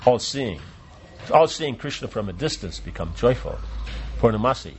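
A man's voice: medium pitch, expressive, moderate pace, slight background noise. A man reading a devotional play aloud, with stage directions, footnotes and brief offhand asides. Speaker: reader.

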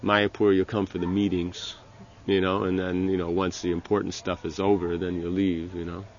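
Gravelly low-voiced man giving informal religious talk. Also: little pitch movement, muffled recording, slight background noise. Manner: halting, many restarts and "you know". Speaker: spiritual teacher.

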